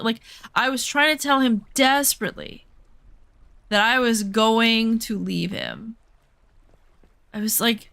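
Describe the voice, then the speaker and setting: A woman's voice: a little high, expressive, moderate pace, long pauses, sharp tone. A woman streamer telling a personal story while she plays a game. She talks candidly, swears freely and reenacts her own side of past arguments. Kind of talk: casual storytelling while gaming.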